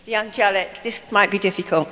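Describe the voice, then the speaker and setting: A woman preaching a charismatic sermon, impassioned, moving between hushed murmurs and roaring shouts. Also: mid-range voice, steady tone, a little fast. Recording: echoey hall reverb.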